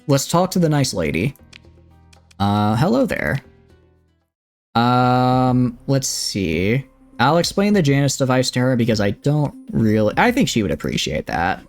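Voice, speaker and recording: Animated Southern man streaming a game. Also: mid-range voice, unhurried, soft background music. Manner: joking, chatty, reads game text aloud. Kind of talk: livestream gameplay commentary.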